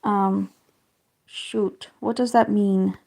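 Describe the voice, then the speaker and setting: A woman's voice: medium pitch, little pitch movement, very slow, creaky, a little mellow, a little hiss or hum. A young woman chatting casually on a live stream while colouring, greeting viewers and reading out their comments with lots of fillers. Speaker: livestreamer.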